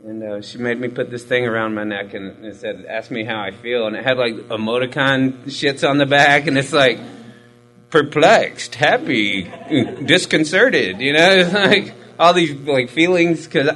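A man's voice: medium pitch, measured pace, bright, forceful tone, a little hiss or hum, low-quality recording. A man giving a candid, profane personal testimony in a rambling, self-mocking way, full of fillers. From Hispanic military family background. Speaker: recovery storyteller.

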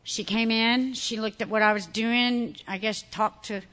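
Bright, high-pitched woman telling her story. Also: unhurried. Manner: candid, animated, laughs often. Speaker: speaker sharing recovery story. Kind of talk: personal testimony to an audience.

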